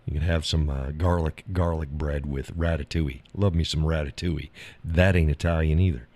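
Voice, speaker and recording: A man's voice: rumbling low, steady tone, moderate pace, a little mellow. A man hosting a live stream, chatting casually with viewers in a folksy, drawling way and laughing often.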